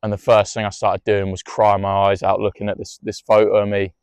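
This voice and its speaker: A man's voice: fairly low pitch, monotone, fairly quick, darkish tone, clear, resonant tone, no echo, clean studio sound. A young man tells a personal story in a rambling, emotional way, swearing freely and restarting often.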